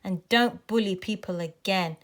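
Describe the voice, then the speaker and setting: A woman voicing a dust-cart-driving uncle who greets warmly and scolds loudly. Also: normal speed, close to an everyday voice. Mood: stern. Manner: hearty, booming shouts. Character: uncle, a dust-cart driver, stern with bullies.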